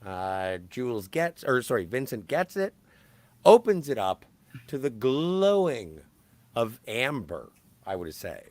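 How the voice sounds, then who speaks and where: A man's voice: lowish voice, a little slow, no room sound. A man co-hosting a casual film podcast, his voice rising and falling animatedly as he retells scenes. He stops to fix names and details mid-thought. The recording is dry and close, with almost no room sound. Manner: animated, self-correcting storyteller. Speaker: podcast co-host. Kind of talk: casual film-recap chat.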